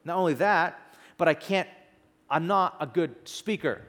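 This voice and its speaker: A man's voice: fairly high pitch, measured pace, fairly bright tone. A man voicing Moses as a doubtful, pleading leader who stammers and runs himself down, heard with a long hall reverb. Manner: whiny, self-deprecating, stammering.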